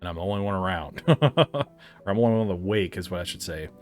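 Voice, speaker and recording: A man's voice: sits low, animated, quick pace, soft background music. A man giving casual, rambling commentary as a game reviewer, often correcting himself mid-sentence. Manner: rambling and chatty, with frequent self-corrections.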